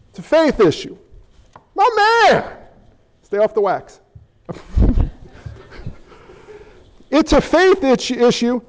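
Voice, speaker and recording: High-voiced pastor questioning his congregation. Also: darkish tone, poor audio. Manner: questioning the congregation, conversational and playful. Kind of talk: sermon.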